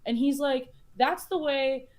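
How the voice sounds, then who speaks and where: While playing a board game, a Chicago woman chatting as a guest spins long, meandering stories packed with fillers and restarts. Her voice sits high with a darkish tone, and she talks a little slowly.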